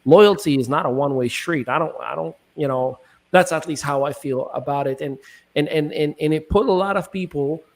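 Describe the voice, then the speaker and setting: A passionate man hosting a casual panel discussion, with a voice a little higher than most men's. He builds his points with repeated, preachy phrases and restarts often. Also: normal speed. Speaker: host.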